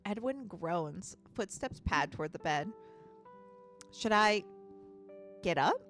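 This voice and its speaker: A woman's voice: mid-range voice, a bit bright. A woman streaming a game, chatting casually, swearing freely and laughing often. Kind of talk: casual gaming commentary.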